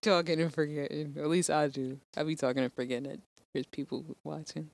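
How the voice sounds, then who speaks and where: A woman's voice: low-pitched, fairly even intonation, brisk, vocal fry, darkish tone, no echo. A young woman with a Philadelphia accent co-hosting a podcast, chatty and playful with lots of giggles. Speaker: podcast co-host. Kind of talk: casual chat.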